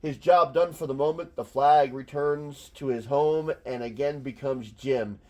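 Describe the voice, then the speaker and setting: A man's voice: medium pitch, a little slow, mellow. Sarcastic man riffing on old comics. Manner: sarcastic, mock-exasperated asides. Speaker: comic book reviewer. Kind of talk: casual comic reading and commentary.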